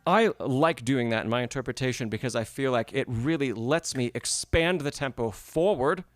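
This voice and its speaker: A man's voice: mid-range voice, moderate pace, no room sound, studio quality. A man teaching piano in a live masterclass, explaining phrasing patiently and checking in often with the student. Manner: patient, explanatory, frequent "right?" and "yes?" check-ins. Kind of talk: live-streamed masterclass feedback.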